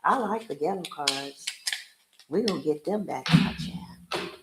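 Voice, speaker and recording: A woman's voice: sits low, expressive, unhurried, background noise. A woman giving a casual tarot reading, talking bluntly and preachily, with slangy asides to her viewers. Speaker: tarot reader.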